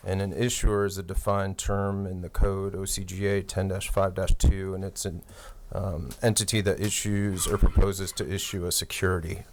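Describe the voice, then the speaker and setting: Man presenting a bill to a committee, very low voice, faint background hiss. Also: level tone. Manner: measured and explanatory. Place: legislative committee room.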